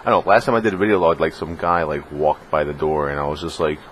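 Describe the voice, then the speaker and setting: A man talking casually on his late-night gaming vlog, rambling and excitable, full of fillers. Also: a bass voice, fast talker, slight background noise. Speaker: gaming vlogger. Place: home room in California.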